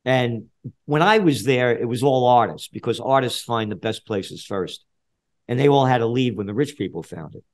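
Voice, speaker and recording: Older New York guest, seventies, combative profane storyteller, ordinary middle register. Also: male voice, animated, moderate pace. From the Bronx, New York. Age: 70s. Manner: blunt, fiery, profane, swings from low mutter to loud. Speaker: guest, trend forecaster. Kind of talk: podcast interview, storytelling.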